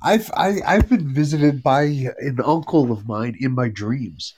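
A man on a call-in show talks haltingly, apologizing and starting his sentences over. His voice sits at an ordinary middle pitch. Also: darkish tone, slight background noise. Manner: halting, apologetic, many restarts. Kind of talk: casual call-in chat.

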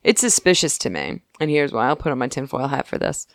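A woman's voice: a bass voice, sing-song, dry recording, studio quality. A woman co-hosting a podcast, chatting casually and rambling with lots of laughs as she recaps a TV episode. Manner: giggly, rambling, puts on quick character voices. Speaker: podcast co-host.

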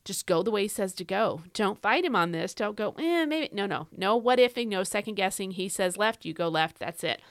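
A woman's voice: mid-range voice, fairly quick, few pauses, dry recording. A woman hosting a devotional podcast, teaching Scripture in an earnest, emphatic way and repeating her key phrases. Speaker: podcast host.

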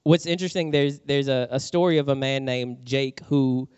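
A middle-aged man preaching a sermon, telling a personal story with animated acted-out quotes. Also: medium pitch, moderate pace, clean tone, no echo, dull audio. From New Orleans, USA. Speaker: pastor.

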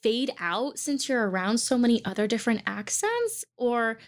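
A woman's voice: a little high, big pitch swings, normal speed. A woman hosting an interview, bubbly and full of fillers like "um" and "like". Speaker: host. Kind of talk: casual interview chat.

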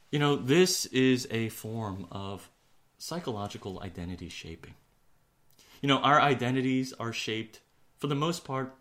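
Earnest male preacher, dropping to hushes. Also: medium pitch. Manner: earnest, slows for emphasis, drops to a hush on key words. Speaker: pastor. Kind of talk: sermon.

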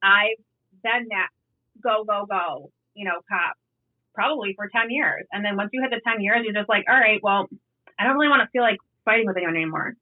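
A woman's voice: medium pitch, fairly quick. Laid-back woman cop on a tinny line. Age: 30s. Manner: laid-back, storytelling, swears casually. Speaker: police officer guest. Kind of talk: casual podcast chat.

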